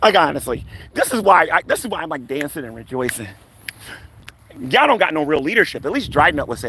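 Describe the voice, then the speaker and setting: A man's voice: fairly high pitch, sing-song, brisk, sharp tone, slight background noise. A man running a live stream, taunting rivals in a combative, rambling rant full of fillers. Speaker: online commentator on a live stream.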